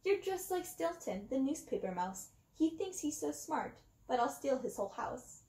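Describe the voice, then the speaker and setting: A woman's voice: sits high, wildly swooping pitch, normal speed, a little mellow. A woman voicing a boastful male villain clown rat who taunts in sing-song rhymes. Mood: mocking. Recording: roomy echo.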